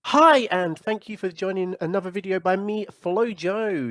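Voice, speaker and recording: A man hosting a tech tutorial, explaining step by step in a clear, instructive manner. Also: sits high, no room sound. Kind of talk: software tutorial walkthrough.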